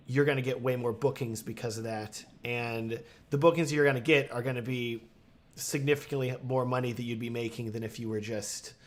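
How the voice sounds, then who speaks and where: A man hosting a live video Q&A, talking casually and enthusiastically with lots of fillers and restarts. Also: medium pitch. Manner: enthusiastic, rambling with many fillers. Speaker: host of live Q&A stream. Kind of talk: casual live-stream chat.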